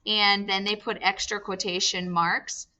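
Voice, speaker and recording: A woman's voice: medium pitch, level tone, unhurried, sharp tone. A woman teacher giving a recorded lesson to young students, explaining step by step with patience.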